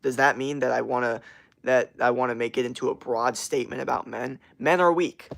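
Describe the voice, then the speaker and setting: A man's voice: mid-range voice, steady tone, fairly quick, creaky, fairly bright tone. A young man chatting casually on a livestream, rambling with lots of fillers and slang as he answers chat comments. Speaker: streamer.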